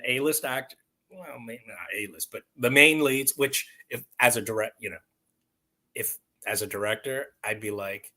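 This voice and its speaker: A man talking casually to camera during an unboxing, rambling and swearing, with loud bursts of excitement, recorded at home on a camera mic. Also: medium pitch, rough recording. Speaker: vlogger. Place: someone else's home. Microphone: external mic on camera.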